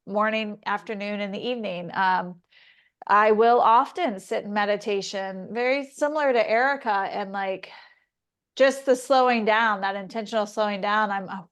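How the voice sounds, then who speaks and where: Smooth-voiced woman sharing reflectively. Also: mid-range voice. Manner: reflective, halting, with many fillers. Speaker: class participant. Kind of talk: sharing in a group class.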